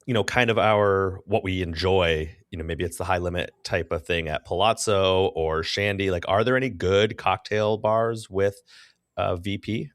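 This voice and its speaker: A man's voice: sits low, steady tone, normal speed, a bit bright, no echo, studio quality. A man co-hosting a casual podcast, reading listener questions and telling stories with a laugh. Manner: laughing, storytelling, acts out quotes. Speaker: podcast co-host. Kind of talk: casual chat.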